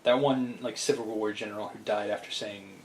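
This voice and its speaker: A podcast co-host with a lowish voice and fairly even intonation talks fairly quickly in a casual chat, rambling enthusiastically and often restarting his thoughts. He's recorded in an echoey room with faint ambience and slight background noise.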